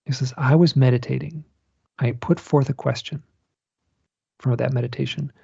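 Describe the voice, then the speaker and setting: A man's voice: mid-range voice, fairly even intonation, moderate pace, vocal fry, pauses often, dark tone, breathy edge, dry recording, highs cut off. A man, a guest author, telling long rambling stories in a casual interview, with many restarts and asides.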